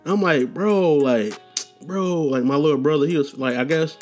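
A man's voice: on the high side, normal speed, darkish tone, faint music behind. A young man hosting a casual storytelling podcast, talking loose and profane with slang, restarts and tangents. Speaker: podcast host.

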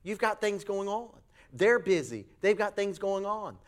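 A man preaching a sermon, telling a folksy story with animated voices for the people in it. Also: measured pace. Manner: folksy, animated storytelling with acted high-pitched quotes. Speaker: pastor.

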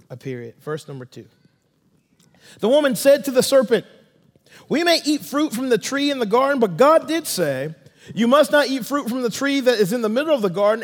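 A man preaching a sermon as pastor, his voice swinging from loud bursts to hushed lines. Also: sits high. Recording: long hall reverb.

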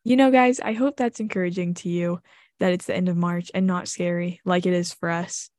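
A woman's voice: fairly low pitch, steady tone, a little fast, darkish tone, dry recording, clean studio sound. A young woman with a Southern US accent co-hosting a podcast, chatting in an upbeat, joking way. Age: young adult. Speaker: podcast co-host. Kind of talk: casual chat.

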